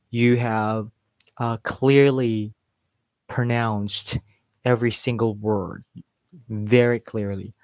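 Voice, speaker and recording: A man who learned as a teaches in an unhurried, measured way. He often circles back to repeat a point for emphasis. His voice sits at an ordinary pitch and sounds dry and close. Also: no echo. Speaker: English accent coach. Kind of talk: unscripted teaching talk.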